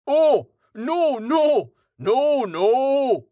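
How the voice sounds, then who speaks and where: A man voicing a clever, playful male horse in an audiobook, in a high, drawn-out, teasing voice. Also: dry recording.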